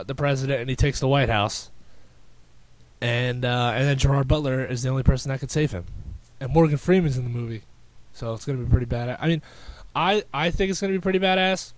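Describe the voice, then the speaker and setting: A young man hosting a casual solo podcast, rambling and sarcastic with many halting restarts. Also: medium pitch, dry recording. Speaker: podcast host.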